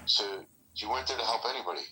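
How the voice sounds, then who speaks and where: A man's voice: lowish voice, lively intonation, fast, bright, forceful tone, rough recording. A man playing a stern heavenly judge who lectures bluntly in a told story. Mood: scolding.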